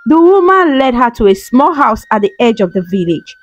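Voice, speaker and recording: A woman's voice: fairly high pitch, normal speed, low-quality recording. Lilting woman narrating a folktale. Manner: steady, even storytelling. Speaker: storyteller. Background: faint background music.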